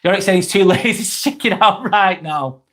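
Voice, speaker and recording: A man in casual live-stream chat, with a voice sitting a little higher than most men's. He talks frankly and swears freely, drifting through half-finished thoughts and restarts. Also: normal speed, fairly bright tone. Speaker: live vlog host reading chat.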